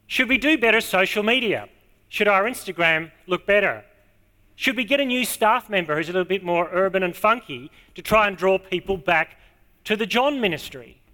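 A man preaching a sermon to a congregation, stressing key words and repeating them slowly. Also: sits high, sharp tone. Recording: long hall reverb.

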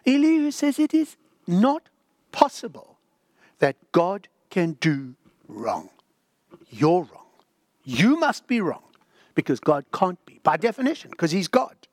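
Male preacher, emphatic and repetitive, lively swooping delivery, dry recording. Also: slow pace, pauses often, no echo. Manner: emphatic, repetitive, swooping between loud highs and hushed lows. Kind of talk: sermon.

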